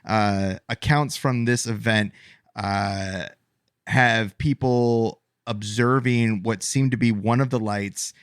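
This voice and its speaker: A man's voice: fairly low pitch, steady tone, takes it slowly, clear, resonant tone, no echo, studio quality. A man hosting a casual podcast, talking through a case with many fillers and stumbles. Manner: rambling, stumbles over names, many fillers. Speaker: podcast host presenting the case. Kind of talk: casual chat.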